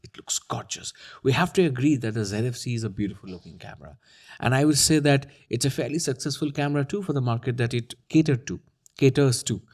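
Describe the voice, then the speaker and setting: Brief Man in his own voice, chatty and teasing, mid-pitched, casual commentary to camera. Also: fast. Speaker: camera YouTuber. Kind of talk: casual talking-head commentary.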